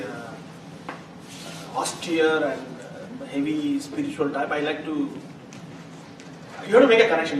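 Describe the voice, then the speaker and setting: High-voiced man teaching from afar. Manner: animated, acts out examples, laughs often. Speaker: Vedic chanting teacher. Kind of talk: live class lecture. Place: classroom hall. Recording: roomy, distant mic, noisy.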